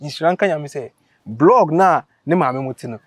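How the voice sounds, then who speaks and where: A man, casually telling a story on a vlog, animated and laughing as he acts out what people said. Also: a little high, normal speed, no echo. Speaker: vlogger host.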